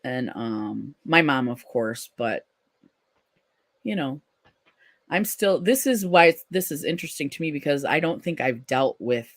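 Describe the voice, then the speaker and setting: Gentle, comforting live-stream host. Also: medium pitch. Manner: gentle and comforting, with frequent ums and restarts. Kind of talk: casual live-stream chat, reading viewer comments aloud.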